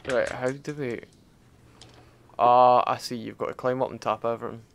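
A man's voice: mid-range voice, steady tone, normal speed, vocal fry. Laid-back Scottish man gaming. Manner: laid-back, joking asides while playing. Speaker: co-host of a let's play. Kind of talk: casual gaming chat.

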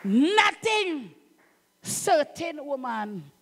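A woman's voice: sits high, big pitch swings, very slow. Fervent Trinidadian woman pastor preaching. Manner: fervent, emphatic preaching with call-outs and bursts of shouting. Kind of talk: sermon.

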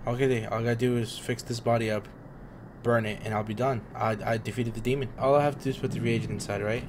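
Young male streamer, mid-pitched, jumpy horror-game chatter full of slang and swearing. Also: quick pace, background noise. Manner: excitable, swearing, talks to the screen with slang. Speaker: gaming streamer. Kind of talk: casual horror game commentary.

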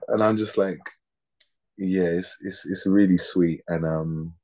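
A man's voice: deep voice, steady tone, slow, dark tone. A man in his thirties, an actor chatting casually in an interview, laid-back and slangy, often repeating words as he thinks.

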